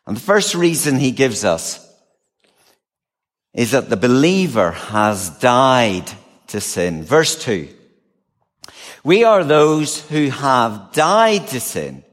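A man preaching a sermon, measured and expressive, with a touch of dry humor. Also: on the high side, long reverb tail.

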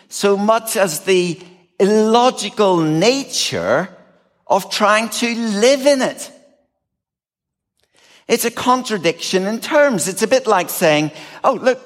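A man preaching a sermon, measured and expressive, with a touch of dry humor. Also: high-pitched, big-room sound.

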